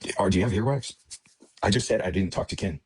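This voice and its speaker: A man's voice: lowish voice, fast talker, darkish tone, a little hiss or hum. A man arguing on a live stream panel, dismissive and taunting. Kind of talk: heated argument.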